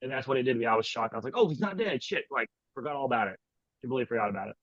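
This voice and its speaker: A man co-hosting a podcast in casual chat, retelling scenes in a rambling, animated way with lots of "like"s. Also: medium pitch, rapid-fire, no room sound. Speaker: podcast co-host. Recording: dull lo-fi sound.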